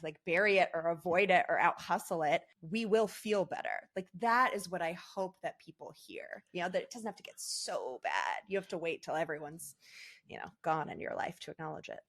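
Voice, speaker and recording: A woman's voice: lowish voice, animated, moderate pace, a bit bright. A woman speaking as a podcast guest, telling personal stories candidly and with emotion in casual conversation.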